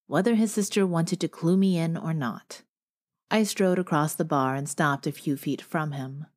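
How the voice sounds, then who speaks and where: A woman narrating a romance audiobook in a steady first-person storytelling manner. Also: low-pitched. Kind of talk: scripted narration.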